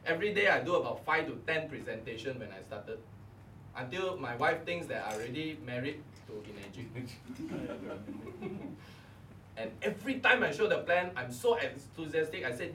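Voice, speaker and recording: Animated Malaysian man coaching a room. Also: fairly high pitch, a little fast, recorded from a distance. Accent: Malaysian English. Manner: animated, fires rhetorical questions at the audience. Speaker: network marketing coach. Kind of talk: motivational seminar talk. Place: meeting room before a live audience. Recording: echoey room, voice off-mic, faint hum.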